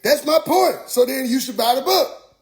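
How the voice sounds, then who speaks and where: A man putting on the voice of a pushy, preachy male book seller who asks drawn-out, sermonizing questions. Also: very high-pitched, animated, roomy sound, voice pushed up.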